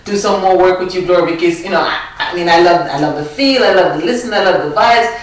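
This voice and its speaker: A man's voice: high voice, fast talker. Host guy saying yes a lot, echoey studio, mic kinda far. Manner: affirming, frequent yeses. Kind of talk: casual interview.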